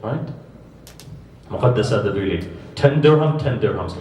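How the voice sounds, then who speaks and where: Male preacher, animated storytelling, sermon, roomy echo, recorded from a distance, faint background hum. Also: medium pitch, normal speed. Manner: animated storytelling, swinging from loud emphasis to quiet asides. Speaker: religious lecturer. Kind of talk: sermon at a mourning gathering. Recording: echoey hall, distant mic, faint background noise.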